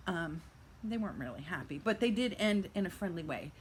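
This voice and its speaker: A woman's voice: fairly low pitch, a little fast, slight background noise. A middle-aged woman who resells goods, telling her own story as a playful fairytale and calling herself the old lady. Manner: playful, animated storyteller speaking of herself in third person. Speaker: reseller vlogger. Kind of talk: storytelling vlog, fairytale-style narration.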